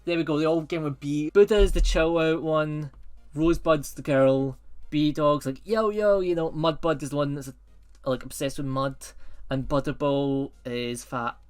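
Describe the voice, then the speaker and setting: A man ranking films in a rambling, excitable and sarcastic casual chat. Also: on the high side, moderate pace, clear, resonant tone, soft background music.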